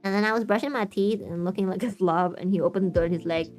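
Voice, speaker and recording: A woman's voice: mid-range voice, fast, a little mellow, soft background music. A woman in her twenties from Canada, chatting frankly and casually on a stream, full of fillers and swearing. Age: 20s. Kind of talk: casual chat.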